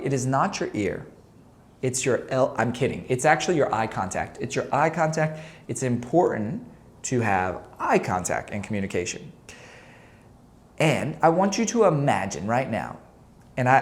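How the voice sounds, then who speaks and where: Speaking to camera, a male basketball coach turns his lesson into a playful quiz, posing questions to the viewer and then joking about the answers. He acts out shouted examples, his voice jumping high.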